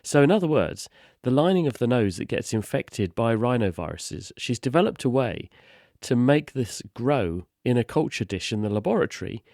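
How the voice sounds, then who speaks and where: A hoarse man with a cold, joining a radio show over a video call as the science expert, explaining things in a brisk, wry way. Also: medium pitch, big pitch swings, a little mellow, no echo, studio quality. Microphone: remote video call.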